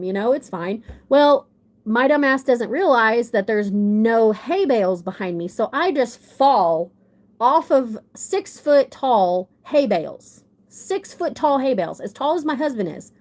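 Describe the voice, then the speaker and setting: A young adult woman telling a rambling, self-deprecating story in casual chat on a livestream, with a runny nose. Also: on the high side. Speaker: livestream guest.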